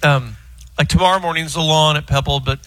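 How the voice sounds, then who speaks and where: Male regular, middle-aged, animated joking drawl, slightly high voice. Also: a little fast, dry recording, low-quality recording. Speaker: car show regular calling in. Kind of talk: casual radio chat by phone. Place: house with sleeping roommates.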